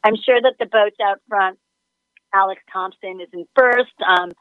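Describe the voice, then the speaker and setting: A woman chatting on a radio show about a sailing race, telling animated stories and laughing often. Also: medium pitch, moderate pace, clean tone, no room sound, phone-quality sound. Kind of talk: casual radio chat.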